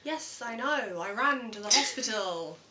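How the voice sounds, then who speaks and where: A woman's voice: fairly high pitch, animated, unhurried, pushed and bright, a little hiss or hum. A young woman teasingly retelling a friend's antics in casual chat, often laughing. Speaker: co-host. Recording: echoey room, a little far from the mic, faint ambience.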